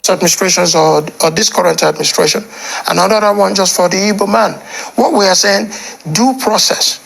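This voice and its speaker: A man making political commentary in a measured way, listing his points one by one. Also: high voice, creaky, a bit bright, low-quality recording.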